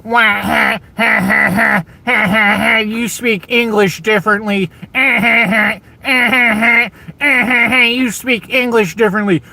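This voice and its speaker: High cackling sneering woman put on by a man, sing-song mockery, bright and cutting. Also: fairly even intonation, a little slow, gravelly, exaggerated voice. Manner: nasal mocking laughter, repetitive sing-song taunts.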